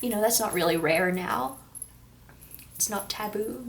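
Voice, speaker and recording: A woman's voice: medium pitch, measured pace. A woman in her twenties with a Kentucky accent, rambling and giggling as she vlogs casually to the camera with a runny nose. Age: 20s. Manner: rambling, giggly, self-deprecating. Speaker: vlogger. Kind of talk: casual talking-to-camera vlog.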